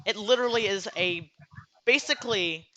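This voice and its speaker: Bright, stammering young podcast host. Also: medium pitch, moderate pace, dull audio. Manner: stammering, restarts sentences mid-explanation. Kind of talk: casual gaming chat.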